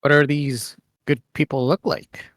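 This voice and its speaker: A man playing a tabletop game, declaring his character's actions casually and jumping into higher voices for the character's lines. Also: fairly even intonation, a little slow, no room sound, studio quality. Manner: jumps into bright, high put-on lines for his character's speech. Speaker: player.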